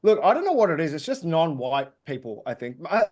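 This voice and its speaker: A man's voice: a little high, sing-song, fairly quick, a little mellow. A man, a comedian guest on a podcast, telling stories in a chatty, jokey way. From Australia. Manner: chatty storytelling with jokey asides. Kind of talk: casual podcast interview.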